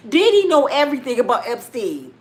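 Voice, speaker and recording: Woman host, high-pitched and highly expressive, brash and profane, celebrity gossip commentary. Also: fairly quick, a little hiss or hum. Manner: loud, profane, animated. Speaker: vlogger.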